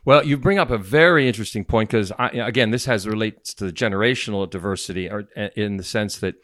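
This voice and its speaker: A man's voice: lowish voice, fast talker, fairly bright tone, no echo. A man co-hosting an advice podcast as the generational expert, speaking thoughtfully and expansively. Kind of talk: casual advice chat.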